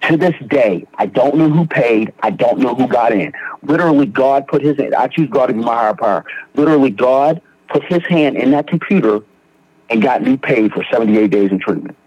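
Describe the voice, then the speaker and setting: A man's voice: medium pitch, lively intonation, fairly quick, husky, no room sound, muffled recording. A young man from Philadelphia, telling his recovery story in conversation with slang and repeated starts. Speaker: guest in recovery. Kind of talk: personal testimony in conversation.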